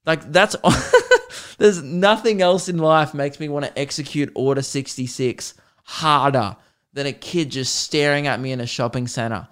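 A man's voice: fairly high pitch, a little slow, a bit bright, clean tone. A young man from Australia ranting in a profane, jokey way on a solo podcast. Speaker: podcast host.

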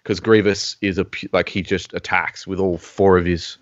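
A man's voice: sits low, level tone, moderate pace, dry recording. A man hosting a casual podcast chat, hesitant and full of restarts as he hedges his opinions. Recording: dull, lo-fi, dry sound.

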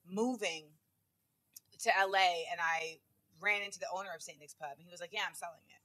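A woman comedian, a guest in a casual interview, telling stories in a quick, chatty way with lots of fillers. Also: on the low side, fairly even intonation, sharp tone.

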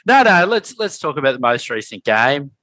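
A man's voice: medium pitch, sing-song, normal speed, background noise. A man co-hosting a rugby podcast, rambling and self-mocking, stumbling over his words. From Australia. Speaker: podcast co-host. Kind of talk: casual rugby analysis.

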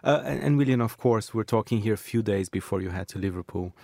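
A male podcast host who asks his guest questions in a warm, enthusiastic way. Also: on the low side, fast, creaky, dry recording, clean studio sound. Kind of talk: interview conversation.

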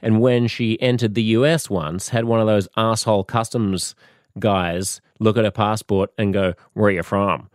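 Australian man, low voice, dry close sound, sarcastic rambling comic monologue. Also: fairly even intonation, normal speed, dry recording. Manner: sarcastic, rambling, with mock-innocent rises. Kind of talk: comedic monologue.

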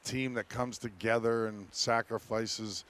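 This ex-hockey player, a man with a lowish voice, speaks unhurriedly as he shares locker-room tales on a sports talk panel. He's animated and laughs often.

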